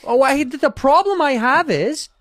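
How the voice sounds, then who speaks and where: A man doing an impression of a stern male public intellectual, with slow, emphatic, strained high delivery. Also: lively intonation, fairly bright tone, no echo, clean studio sound, exaggerated voice. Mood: lecturing.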